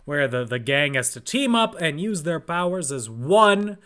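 A man's voice: fairly high pitch, very animated, unhurried, pushed and bright, clean tone. A man co-hosting a podcast, retelling a film plot casually with sarcastic jokes. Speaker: podcast co-host. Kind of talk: casual movie recap chat.

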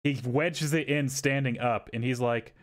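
A man hosting a podcast, telling a story in casual, profane, animated chat and acting out what people said. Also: medium pitch, a little slow. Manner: animated, profane, acts out quotes. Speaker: podcast host.

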